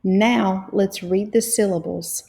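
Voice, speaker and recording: A woman teaching reading at a slow, careful pace, breaking words into syllables and spelling out letters. Her voice has a gravelly edge of vocal fry, and her tone stays patient throughout. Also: mid-range voice, fairly even intonation, mellow. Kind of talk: slow, clear phonics lesson.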